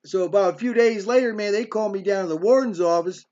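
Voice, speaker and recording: A man's voice: sits high, fast talker, a little mellow. A man in his fifties telling a story from his past in a blunt, streetwise way, often checking in with "right?". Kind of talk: casual spoken storytelling. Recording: dull lo-fi recording.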